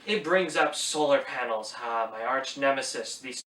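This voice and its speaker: A man's voice: mid-range voice, moderate pace, a bit bright, a little hiss or hum. A man giving a casual book review, chatty and opinionated, with wry asides. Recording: echoey room, voice a bit distant from the mic.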